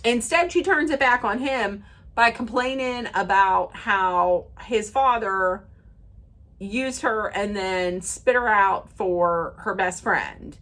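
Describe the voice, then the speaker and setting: A woman talks through a reality show recap at an unhurried pace, with a mid-range voice. She sounds chatty and opinionated, stops and restarts her sentences, and often drops into a lower voice to act out what the cast members said. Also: a bit bright. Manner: acts out quoted lines in a lower voice. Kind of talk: casual recap rant.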